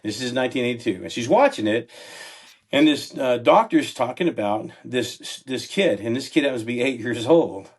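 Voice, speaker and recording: Older male guest, earnest storyteller who keeps checking in with the listener, medium-pitched voice. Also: lively intonation, normal speed, slightly rough. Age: 60s. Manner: earnest, frequently checks in with "right?". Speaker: entrepreneur guest. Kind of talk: personal storytelling in a podcast interview.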